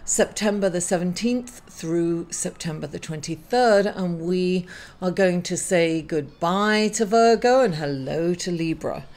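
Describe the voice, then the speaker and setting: A woman's voice: fairly low pitch, a little mellow. Grieving woman giving an astrology reading. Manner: halting and apologetic, many fillers and self-corrections. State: grieving, emotional. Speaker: astrology reader and channel host. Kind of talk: casual weekly astrology reading to camera.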